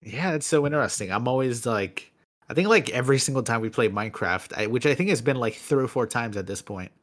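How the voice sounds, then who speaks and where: A man co-hosting a gaming podcast, talking in an animated, joking way and swearing casually. His pitch sits in the ordinary middle range for a man. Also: fast. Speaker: podcast co-host. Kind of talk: casual chat.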